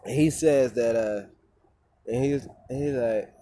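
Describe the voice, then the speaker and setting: Guy venting to camera, rambling and cussing, mid-pitched voice, a bit of noise behind. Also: a little slow, dark tone. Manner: rambling, profane, repeats himself and restarts. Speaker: vlogger. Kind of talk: casual monologue rant.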